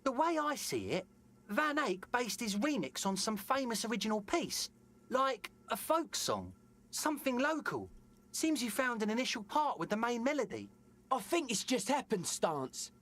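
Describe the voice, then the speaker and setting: An actress voicing a calm, philosophical young woman raver in a video game. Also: a little high, moderate pace. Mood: musing.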